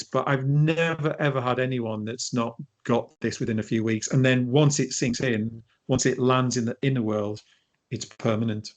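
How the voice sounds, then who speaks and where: Brief: middle-aged man, guest coach, animated storyteller, mid-pitched voice. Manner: animated storytelling, frequent restarts. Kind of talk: conversational interview.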